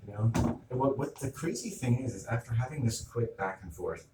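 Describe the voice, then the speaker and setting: Middle-aged man, heated rant, mic well off, room echo and steady background noise. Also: medium pitch, moderate pace. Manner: agitated, retells arguments with quoted back-and-forth. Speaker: vlogger. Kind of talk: ranting monologue. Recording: roomy, distant mic, noisy ambience.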